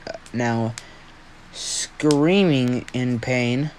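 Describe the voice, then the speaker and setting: A man's voice: mid-range voice, very slow, a little mellow, slight background noise. A young man who hosts a fan-story channel, telling an improvised story in a rambling, self-deprecating way with a lot of swearing.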